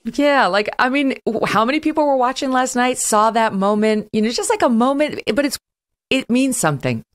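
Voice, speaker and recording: A woman hosting a conversational interview, talking in an expressive, enthusiastic way. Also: a little high, brisk. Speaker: podcast host.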